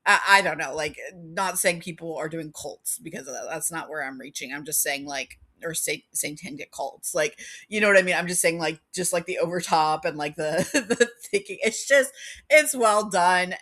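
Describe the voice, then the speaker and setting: A woman's voice: lowish voice, normal speed, sharp tone. A woman vlogging in a casual chat, rambling and giggly, filling her talk with "like". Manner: rambling, giggly, heavy use of "like".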